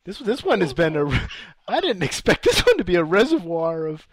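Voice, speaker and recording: Podcast co-host, man, slightly high voice, dry close sound, profane joking recapper. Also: very animated, brisk, no echo. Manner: profane, laughs often, recaps match play-by-play. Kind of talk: casual comedy podcast chat.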